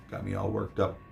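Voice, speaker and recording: A man vlogging about his collection, rambling and cursing, veering between loud rants and mutters, a little hoarse. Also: deep voice. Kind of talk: casual profane vlog.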